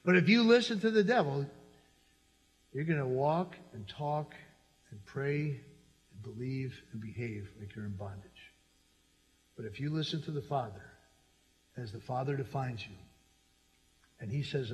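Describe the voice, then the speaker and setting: Animated man preaching in an echoey hall. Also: mid-range voice, unhurried, pauses often, husky. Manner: animated, conversational preaching with repetition. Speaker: pastor. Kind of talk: sermon.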